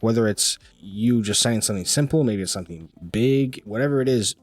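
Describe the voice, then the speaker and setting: A man's voice: on the low side, brisk, no room sound, faint music behind. A man giving a casual, rambling faith-based pep talk, repeating himself and restarting sentences. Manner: rambling, repetitive, restarts often, laughs lightly. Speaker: motivational vlogger.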